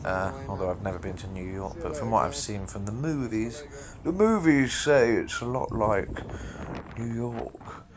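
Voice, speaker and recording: British man, low-pitched, casual travel vlog chatter, swears a lot, busy city crowd behind. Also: unhurried. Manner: chatty, rambling, swears freely. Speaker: travel vlogger. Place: outdoors in a busy city, on an open-top tour bus.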